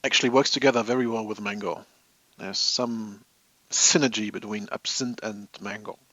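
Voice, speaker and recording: A man's voice: on the low side, steady tone, normal speed, bright, forceful tone, no echo. A man hosting a live hobby stream from his home office, chatting casually with viewers in a rambling, amused way. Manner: rambling, chatty, laughs at his own stories.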